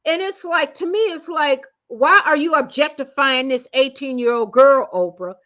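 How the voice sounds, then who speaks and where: Speaking at a moderate pace, a woman with a high voice hosts her channel with a rambling, slangy opinion piece. Her talk is full of fillers and restarts, lurching between shouted outbursts and muttered side comments. The sound quality is lo-fi and somewhat muffled.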